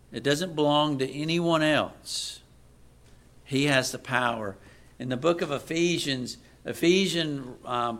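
A man preaching a sermon, moving from quiet asides to loud, emphatic readings of scripture. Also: medium pitch.

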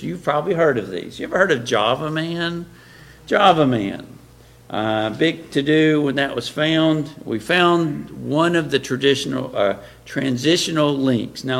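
A man delivers a sermon-style talk in a gravelly, mid-pitched voice. He presses his points with rhetorical questions and often stumbles through fillers and restarts. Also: a bit bright. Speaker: preacher.

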